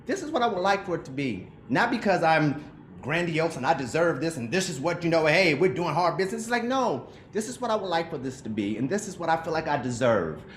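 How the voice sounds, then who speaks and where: Over a remote video call with roomy sound and slight background noise, a middle-aged male actor speaks animatedly and fairly quickly in a voice on the high side. He's a guest giving reflective, earnest, emotional interview answers, often restarting what he says.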